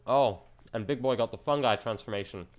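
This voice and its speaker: A man's voice: mid-range voice, fairly quick. A man giving casual, rambling commentary over his own gameplay, self-mocking and slangy as he plays. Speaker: gaming channel host.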